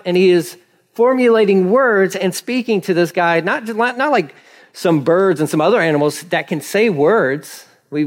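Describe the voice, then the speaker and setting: A male pastor giving an animated, conversational sermon with frequent laughter. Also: fairly high pitch. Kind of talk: casual sermon.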